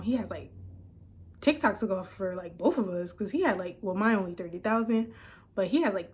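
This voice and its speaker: Woman content creator, 30s, casual chatty vlog delivery, emotional and upbeat. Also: medium pitch. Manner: excited, emotional, chatty with fillers.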